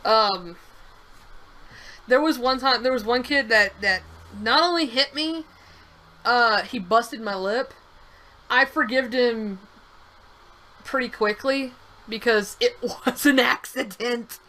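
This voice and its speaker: On a rough recording, a young female streamer co-host talks casually over a game, rambling through a story with restarts and an odd curse. She speaks slowly with long pauses, in a slightly high voice with a sharp tone.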